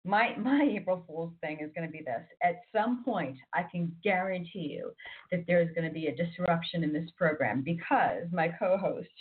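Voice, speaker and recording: A woman's voice: on the low side, moderate pace. Chatty woman on a tinny line. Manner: chatty, rambling, many fillers and restarts. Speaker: radio host. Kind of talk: casual radio chat. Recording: tinny phone-like sound.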